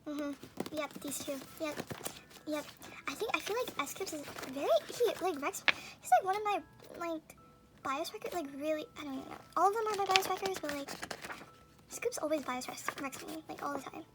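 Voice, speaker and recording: A woman's voice: sits high, lively intonation, normal speed. A young woman gushing through an unboxing, squealing and gasping as she chats. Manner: gushing, squealing, lots of gasps and fillers. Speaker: vlogger. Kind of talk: excited unboxing chat. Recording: noisy home recording.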